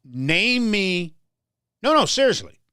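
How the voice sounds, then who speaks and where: A man's voice: sits high, sing-song, slow, pushed and bright, clear, resonant tone, no room sound, clean studio sound. A man hosting a political talk show, delivering a heated commentary monologue with stammered restarts and a preacher-like rhythm. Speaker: show host.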